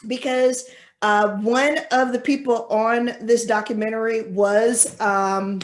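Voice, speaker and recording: A woman's voice: on the high side, fairly even intonation, slow pace, a little hiss or hum. A young woman co-hosting a casual podcast, chatty and thoughtful, with many fillers. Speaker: co-host.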